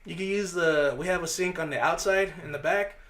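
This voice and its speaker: A man co-hosting a podcast, telling a profane, animated story and acting out the voices of the people in it. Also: fairly high pitch, brisk. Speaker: podcast co-host. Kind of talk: casual storytelling chat.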